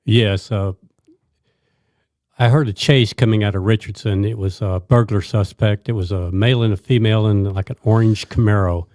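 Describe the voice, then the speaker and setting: An older man, a retired police officer, recounting a police chase in a steady, matter-of-fact way. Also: fairly low pitch, normal speed, no room sound, studio quality. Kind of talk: casual storytelling.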